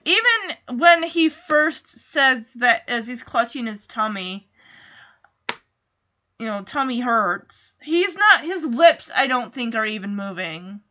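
A woman with a high, sharp, bright voice gives a chatty, animated recap of a TV episode. She acts out snippets of dialogue as she goes. The recording sounds dull and lo-fi. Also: slow pace. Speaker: show recapper.

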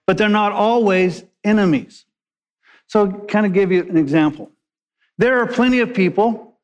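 A man preaching a sermon, a pastor telling stories in a conversational way with joking asides. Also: sits high. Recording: long hall reverb.

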